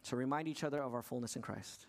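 A male pastor preaches to his congregation, posing questions as his gravelly voice drops low and soft, then rises high and urgent. He speaks at a quick pace.

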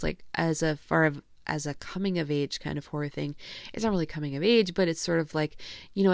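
A woman's voice: low-pitched, creaky, no room sound, clean studio sound. A woman hosting her own podcast, reviewing films in a casual, rambling way with frequent fillers and restarts. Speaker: podcast host. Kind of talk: casual solo film review.

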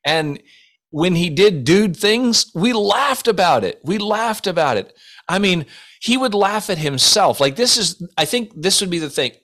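A man's voice: sits high, big pitch swings, unhurried, fairly bright tone. A man co-hosting a casual comedic chat, telling stories with mock solemnity and laughing through his own jokes. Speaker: podcast co-host.

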